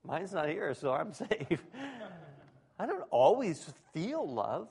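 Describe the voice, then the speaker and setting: A middle-aged male preacher with a slightly high voice delivers a chatty sermon. He slips in and out of quoted exchanges, rising sharply when he gets worked up and dropping low for asides. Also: takes it slowly, gravelly, slightly rough. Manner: conversational and animated, with quoted dialogue and laughter.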